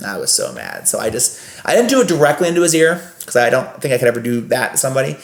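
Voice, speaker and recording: Fast-talking man telling a story, roomy echo. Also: mid-range voice, very animated, creaky. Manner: rambling, with many restarts and fillers. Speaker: podcast guest, former scare actor. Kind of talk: casual storytelling in a podcast chat.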